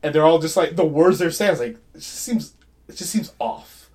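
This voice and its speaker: Lively man chatting about movies. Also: on the high side. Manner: animated, halting with repeated restarts. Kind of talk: casual movie discussion chat.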